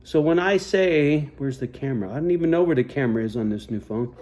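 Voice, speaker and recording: A man vlogging into a phone camera, telling a rambling story in a heavily profane, animated rant. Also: mid-range voice, fast talker.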